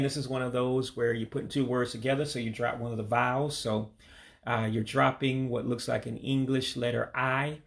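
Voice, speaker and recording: A man from Michigan, casually walking through a vocabulary lesson and repeating each word slowly, with frequent ums and uhs. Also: medium pitch, gravelly. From Michigan, USA. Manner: repeats words slowly, hesitant with many fillers. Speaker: language learner teaching vocabulary.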